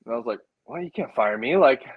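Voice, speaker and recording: A male musician in a casual interview, telling a story in a rambling, animated way, full of fillers like "like" and "dude". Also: mid-range voice, fast, husky, phone-quality sound. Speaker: musician guest.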